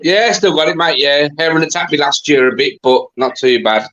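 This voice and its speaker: A man's voice: on the high side, fairly quick, a bit bright, dull audio, a little hiss or hum. A man from Birmingham with a Birmingham accent, chatting casually as a guest on a live stream, easygoing and calling everyone mate. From Birmingham, England. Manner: easygoing, calls people mate. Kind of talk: casual chat. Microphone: video call.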